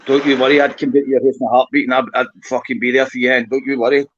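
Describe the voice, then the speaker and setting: A man talks fast in casual livestream chat, backing up the host and saying things twice. His voice comes through dull lo-fi call audio. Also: mid-range voice, flat delivery, a crowd in the background. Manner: supportive, repeats himself. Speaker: livestream panel guest.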